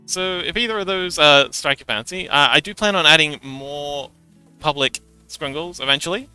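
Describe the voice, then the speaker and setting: A man's voice: fairly high pitch, moderate pace, bright, forceful tone, smooth, faint music behind. A man streaming live, chatting casually with viewers and reading chat aloud, with frequent stammered restarts and giggles.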